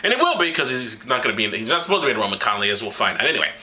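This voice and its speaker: A man's voice: medium pitch, big pitch swings, rapid-fire, sharp tone. A man giving an irreverent comedic reading to a camera, stumbling over words and swearing in mocking asides. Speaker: comedic Bible reader.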